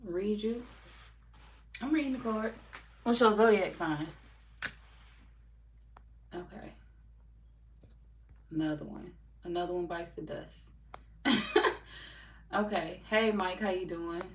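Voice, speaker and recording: A woman's voice: medium pitch, takes it slowly, long pauses. Laid-back woman reading chat, roomy echo. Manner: laid-back, swears freely, laughs often. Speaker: tarot reader streaming live. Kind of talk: casual live-stream chat reading comments. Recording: roomy echo from far off mic, faint background noise.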